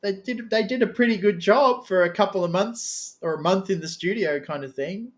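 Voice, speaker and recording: Chatty higher-voiced male interviewer. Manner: chatty, animated, quick to joke. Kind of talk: casual conversation.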